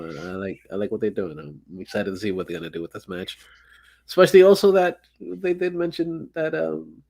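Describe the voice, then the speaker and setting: A man hosting a podcast, talking casually at an ordinary mid pitch. He gets excitable, swears freely and rambles with lots of restarts. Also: gravelly. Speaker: podcast host. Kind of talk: casual chat.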